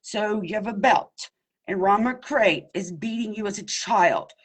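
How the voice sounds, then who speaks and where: Woman, husky voice, mid pitch, emphatic and pleading personal testimony, talks straight to her listeners. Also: measured pace, poor audio. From Pennsylvania. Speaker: abuse survivor speaking out.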